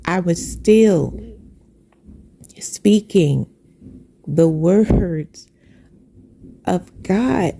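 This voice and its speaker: A woman's voice: medium pitch, extremely slow, creaky, long pauses, warm tone. A woman sharing a heartfelt personal faith testimony, earnest and repetitive, with preacherly phrasing.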